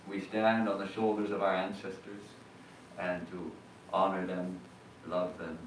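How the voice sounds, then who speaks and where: A monk preaching in an echoey hall. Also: male voice, deep voice, flat delivery, background noise. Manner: measured, reflective, with hesitations. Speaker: monk giving a discourse. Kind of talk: sermon. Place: temple hall. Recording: roomy hall, distant mic.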